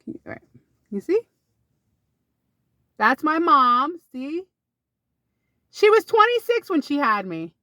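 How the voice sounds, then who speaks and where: A woman vlogging to camera, telling rambling casual stories about her mother with sudden high exclamations. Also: big pitch swings, measured pace, pauses often, sharp tone, no echo, studio quality.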